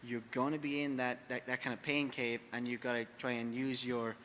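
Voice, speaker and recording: A man with an Irish accent, a gym coach co-hosting a podcast, talking in a loose, halting way with many fillers. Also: medium pitch, level tone, a bit bright. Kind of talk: casual podcast chat. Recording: reverberant room with faint noise.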